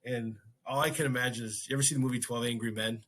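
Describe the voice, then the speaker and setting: A man's voice: mid-range voice, steady tone, fast, fairly bright tone. A man hosting a podcast, casually telling a story and acting out his own reactions. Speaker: podcast host.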